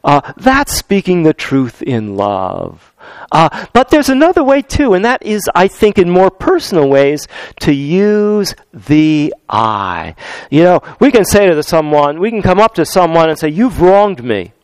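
Male preacher, high and very lively voice, dry close sound, repeats lines for weight. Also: clear, resonant tone, dry recording. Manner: unhurried, repeats key phrases for emphasis; addresses congregation directly. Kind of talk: sermon.

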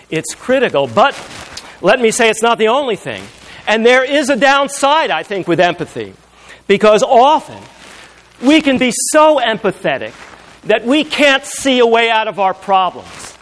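High-voiced man preaching a sermon. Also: very animated, normal speed, a little hiss or hum. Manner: swings between loud emphatic passages and hushed intimate storytelling.

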